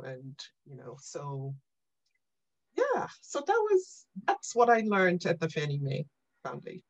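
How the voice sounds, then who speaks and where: A woman being interviewed on a podcast, telling animated stories about her career and often checking in with "right?" and "you know". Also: low-pitched, unhurried, dull audio. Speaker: guest.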